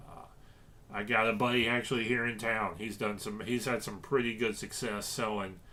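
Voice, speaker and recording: A man's voice: lowish voice, little pitch movement, normal speed, pushed and bright, slight background noise. Rambling man from Louisiana. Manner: rambling, many fillers and restarts. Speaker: reseller vlogger. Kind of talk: casual chat to camera.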